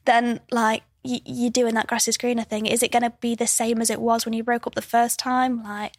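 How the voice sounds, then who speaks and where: Husky young woman in her twenties, laughs a lot mid story, dry close mic. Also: fairly high pitch, little pitch movement, fairly quick, no echo. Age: early 20s. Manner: chatty storyteller, laughs often, restarts mid-sentence. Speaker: podcast guest. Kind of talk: casual chat.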